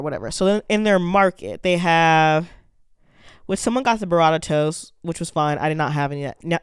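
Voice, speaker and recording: A speaker giving a blunt, sassy, profane restaurant review in a casual monologue, spelling out menu names slowly. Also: medium pitch, fairly bright tone, clean tone, dry recording, clean studio sound.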